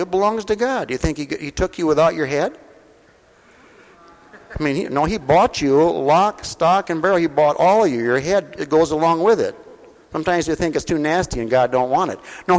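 A man preaching at a mission with a slightly high voice that rings out in a hall with a long echo. He talks in a folksy, direct way, asking his listeners questions, and moves between loud preaching and soft, close talk. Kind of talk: sermon.

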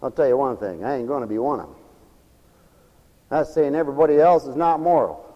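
A man preaching a fiery, folksy sermon, swinging from hushed asides to shouts. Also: mid-range voice, fairly quick, big-room sound, dull audio.

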